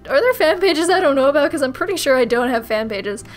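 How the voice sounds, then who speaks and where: High-voiced giggly woman vlogger. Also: expressive, fast talker, faint music behind. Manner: giggly, self-mocking and rambling. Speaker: YouTuber answering viewer questions. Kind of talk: casual Q&A vlog chat.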